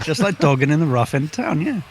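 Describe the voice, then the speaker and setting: A man's voice: on the high side, big pitch swings, fast, faint music behind. A man co-hosting a casual album review podcast, joking crudely and laughing often.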